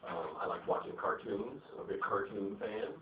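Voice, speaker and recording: A man's voice: fairly low pitch, normal speed. Man, stand-up comedian, loose profane delivery, distant roomy live sound, faint noise behind. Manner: rambling, profane, loose with fillers. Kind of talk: stand-up set. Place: comedy venue stage. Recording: echoey, tinny, distant live recording.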